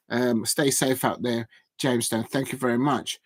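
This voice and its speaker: A man streaming a live football watch-along from home, rambling casually with frequent fillers, false starts and shout-outs to viewers. His voice sits at an ordinary pitch and sounds close and dry, with no room around it. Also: fairly even intonation, unhurried, husky, no echo. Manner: rambling, hesitant, many fillers and restarts. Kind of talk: casual live match commentary.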